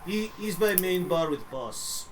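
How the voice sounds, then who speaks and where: A man voicing a gruff, wary orc woman bouncer who speaks in terse broken phrases. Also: high voice, animated, measured pace, background noise. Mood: curt.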